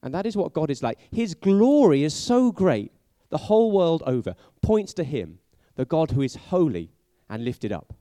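A man preaching a sermon, telling it like a story and asking his listeners many questions, sometimes dropping to a hushed voice for emphasis. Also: a little high, very animated, moderate pace, dry recording, studio quality. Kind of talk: sermon for a family audience.

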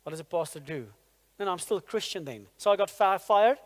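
A man preaching a sermon in a church, energetic and firing rhetorical questions at the congregation. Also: high voice, fast. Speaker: pastor. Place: church hall. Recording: long hall reverb in a church.

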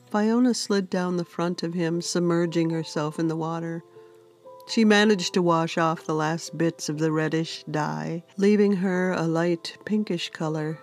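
A woman author narrating her own fantasy storybook in a gentle, unhurried reading. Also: fairly low pitch.

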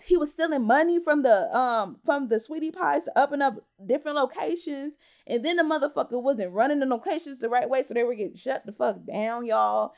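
A woman with a high voice hosts her podcast in a loose storytime style. She swears constantly and speaks directly to her listeners as y'all. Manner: profane, animated, talks straight to listeners as y'all. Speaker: podcast host. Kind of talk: casual storytime rant.

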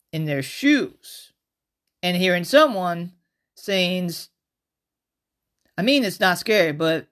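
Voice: mid-range voice, fairly bright tone. Podcast host, casual movie review, rambling and chatty, restarts sentences. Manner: rambling, self-interrupting, chatty.

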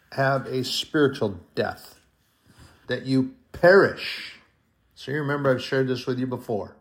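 A man preaching a sermon in an earnest way, slowing on key words and rising to emphatic peaks. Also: mid-range voice, fairly bright tone.

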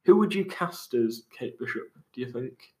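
A man, co-hosting a casual podcast, agreeable and quick to say yeah. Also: mid-range voice, expressive, a little mellow. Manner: agreeable, says yeah a lot. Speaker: podcast co-host. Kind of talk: casual chat.

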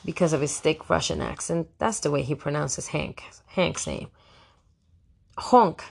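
A woman narrates a first-person diary audiobook with a wry, fussy teenage edge. Her voice sits a little low and slips into creaky fry at the ends of phrases. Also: normal speed.

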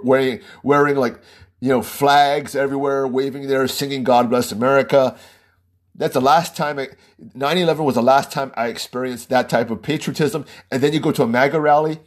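A man hosting his own small podcast, giving a heated, rambling political monologue and laughing between points. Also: medium pitch. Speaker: podcast host.

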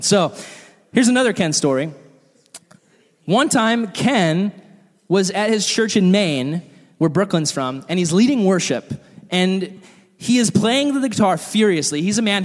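A man preaching a sermon in a church hall with animated, comic storytelling. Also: sits high, moderate pace. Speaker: pastor. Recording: long hall reverb.

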